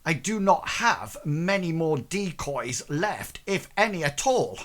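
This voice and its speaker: A man's voice: on the high side, very animated, slow, fairly bright tone, pitched above the performer's own voice, heavily acted. A man voicing a vain, pompous female guild mistress who coldly scolds her guards. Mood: haughty.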